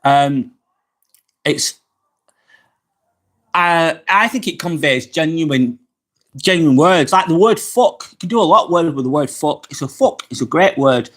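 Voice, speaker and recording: A man's voice: on the high side, animated, unhurried, long pauses, fairly bright tone. A middle-aged man hosting a casual live vlog, talking frankly and swearing freely as he reads viewer comments. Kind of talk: casual live-stream chat reading comments. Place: apartment indoors.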